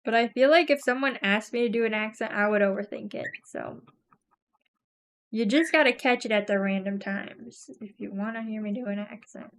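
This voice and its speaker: A woman's voice: on the high side, normal speed. Giggly young woman chatting on stream. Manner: giggly, rambling, lots of "like" fillers. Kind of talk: casual live-stream chat while crafting.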